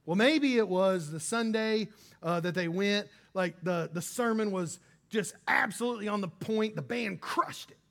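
A pastor giving a relaxed, conversational sermon in a fairly high voice for a man. He keeps it casual and animated and acts out the people he quotes in quick little voices. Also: vocal fry.

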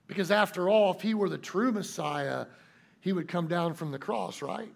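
A man preaching a sermon in a folksy, emphatic way, slowing down to stress key points. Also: high voice, gravelly. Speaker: pastor.

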